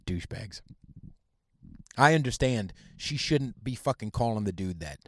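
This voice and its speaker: A podcast host delivers a heated, profane solo rant that mocks its targets, stammering and restarting mid-sentence. His voice is fairly low, expressive and a little slow.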